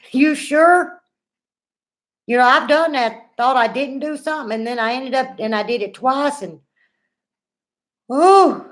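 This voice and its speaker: Chatty woman livestream host. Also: a little high. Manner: chatty, folksy, greets viewers by name. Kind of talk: casual live chat reading viewer comments.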